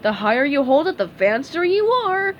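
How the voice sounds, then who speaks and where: A dim, friendly male starfish, as a woman reading a storybook puts him on, talking slowly and emphatically. He is a bit raised in pitch, with faint noise behind. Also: sing-song, muffled recording. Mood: dopey. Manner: slow, dopey, emphatic.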